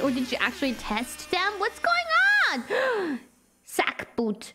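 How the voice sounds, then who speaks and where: A young woman streams a game, her high voice leaping all over the place as she gasps and exclaims. Between the outbursts she drawls through card text slowly and playfully. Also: background noise. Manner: excitable, gasping, reads card text aloud with playful reactions.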